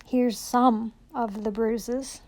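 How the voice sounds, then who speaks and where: A woman's voice: a little high, fairly even intonation, drawn-out words, darkish tone. Furious profane woman ranting. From Canada. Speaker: self-recording vlogger. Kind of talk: angry rant to camera.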